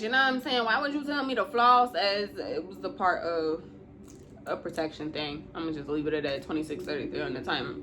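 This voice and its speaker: A woman's voice: mid-range voice, moderate pace, a bit bright. A woman giving a casual spiritual talk to her viewers. She is chatty, calls them y'all and laughs often. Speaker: intuitive spiritual reader. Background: music.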